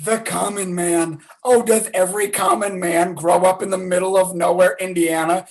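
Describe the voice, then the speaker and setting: A man playing a brash, insulting comedy host who roasts his guests in a high, mocking voice. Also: level tone, moderate pace. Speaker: comedy show character. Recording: noisy background.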